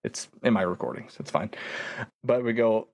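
A man's voice: lowish voice, moderate pace, darkish tone, no room sound. A young man guesting on a podcast, telling a ghost-hunting story in casual chat, acting out quoted voices and laughing often.

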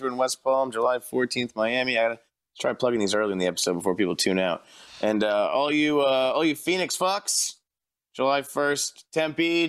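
A man co-hosting a casual podcast, telling animated stories and laughing often. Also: medium pitch, clean tone. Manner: animated storyteller, laughs a lot. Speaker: podcast co-host.

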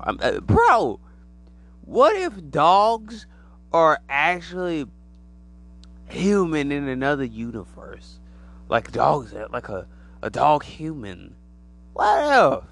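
A man giving a rambling, animated conspiracy monologue to the camera, acting out imagined voices as he goes. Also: medium pitch, slight background noise.

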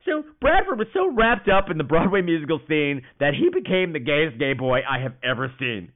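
A man hosting a podcast, telling stories in a profane, animated way. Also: a little high, normal speed. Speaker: podcast host. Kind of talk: casual comedic monologue. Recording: tinny phone-like sound.

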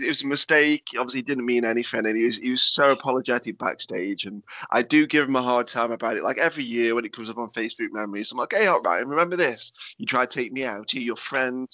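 Sweary laid-back host on Skype. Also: male voice, medium pitch, fast talker, hardly any pauses, sharp tone, no room sound. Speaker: podcast host and wrestling promoter. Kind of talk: casual chat. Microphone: video call. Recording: muffled Skype call audio.

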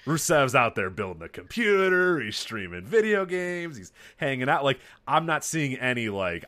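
A man's voice: medium pitch, very animated, moderate pace, few pauses, bright, forceful tone, no echo. A man co-hosting a casual talk podcast, rambling loosely and swearing casually. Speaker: podcast co-host. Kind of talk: casual wrestling chat.

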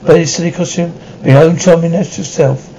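An actor in a 1960s sitcom playing a huge, gentle monster husband who earnestly reassures his wife. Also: on the high side, fairly even intonation, brisk, a little hiss or hum, lightly acted, poor audio. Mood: reassuring.

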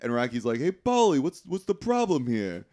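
A man tells a movie's story to his co-host, his pitch swinging widely as he acts out the characters. He swears casually. The talk is loose and conversational. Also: big pitch swings, normal speed, dark tone. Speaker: podcast co-host. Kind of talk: casual movie recap chat.

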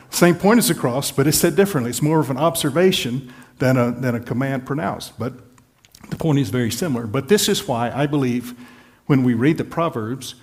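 A man's voice: medium pitch, darkish tone. A middle-aged male pastor giving a sermon in an easygoing, explanatory way, often restarting phrases. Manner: conversational, explanatory, with light laughs and restarts.

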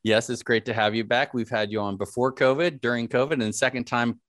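A man's voice: mid-range voice, steady tone, brisk, a bit bright, no echo, studio quality. A man hosting a podcast, upbeat and rambling, with fillers and some mild swearing. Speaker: podcast host. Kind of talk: casual interview chat.

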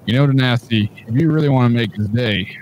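A man speaking in character as a tabletop player, hesitant and halting. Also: mid-range voice, a little mellow, slight background noise. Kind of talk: in-character tabletop role-play.

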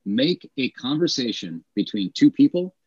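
A man co-hosting a casual teaching podcast, explaining with emphatic, quickly acted classroom examples. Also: medium pitch, sing-song, slightly rough, muffled recording. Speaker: podcast co-host, English teacher.

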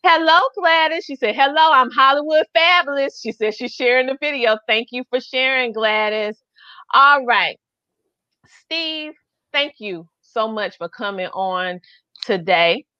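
Excited Southern woman hosting a show. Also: high-pitched, clean tone, no echo, dull audio. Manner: excited, gushing, drawn-out emphasis. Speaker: host. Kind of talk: live online business show.

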